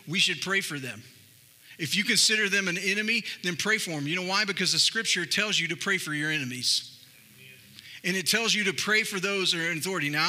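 A man with a Texas accent preaching to a church congregation. His voice sits a little high and sounds bright and forceful. He talks in a loose, conversational way, then pushes hard on his main points. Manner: conversational preaching, rising to emphatic. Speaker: pastor. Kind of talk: sermon. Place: church sanctuary.

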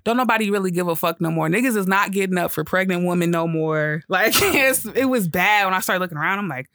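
A man, chatting casually on a podcast and telling a story with animated, profane energy. His voice is bright and forward. The recording is dry and close. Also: fast, no room sound. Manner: animated, profane, quotes himself in a higher voice. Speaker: podcast co-host.

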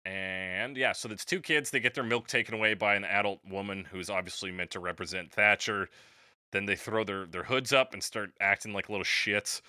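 Man, podcast co-host, casual chat, hesitant fillers, slightly low voice, dry close sound. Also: normal speed, sharp tone, no room sound. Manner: laid-back, hesitant, with fillers. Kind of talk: casual chat about music.

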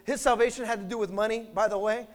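Very high-voiced male pastor preaching. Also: fairly even intonation, fast talker. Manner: emphatic, with call-and-response prompts to the congregation; swings between loud bursts and quiet asides. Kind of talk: sermon.

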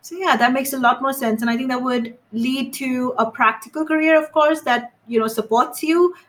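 Higher-voiced woman host, a bit off-mic. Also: steady tone, normal speed, a bit bright, distant mic. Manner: thoughtful, sums up the guest's points. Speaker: podcast host. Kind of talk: interview questions, casual chat.

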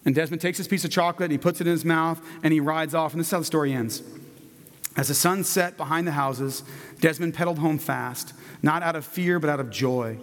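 A man preaching, telling a children's story in a gentle, narrative manner. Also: fairly high pitch, brisk, in a large hall. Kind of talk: sermon storytelling.

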